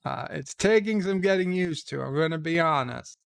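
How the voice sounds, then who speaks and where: A man hosting a casual live stream from bed, reading out chat messages in a slow, halting way with dry, irreverent remarks. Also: fairly high pitch, expressive, gravelly, smooth. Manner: slow, halting, with many pauses and fillers; wry and irreverent. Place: lying in a bed.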